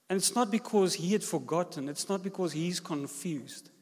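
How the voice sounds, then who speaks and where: A man, a senior pastor preaching a sermon with jokes and an animated delivery. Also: high voice, moderate pace, husky. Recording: long hall reverb.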